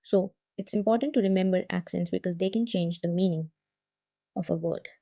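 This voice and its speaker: A woman teaches a French language lesson in a low, gravelly voice with a mellow, dark tone. She patiently repeats each example word slowly. The recording is dry and dull. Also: dry recording.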